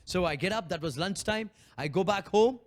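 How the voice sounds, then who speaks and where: A man's voice: high voice, animated, normal speed. A man preaching a sermon as pastor, telling a personal story with passion and acting out prayers and quotes.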